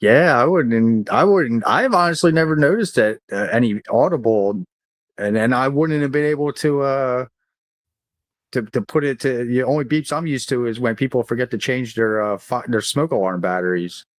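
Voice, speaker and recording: A man from the United States co-hosting a casual chat, speaking haltingly and restarting his thoughts. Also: medium pitch, no room sound. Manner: halting, restarts mid-thought, laughs easily. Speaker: podcast co-host.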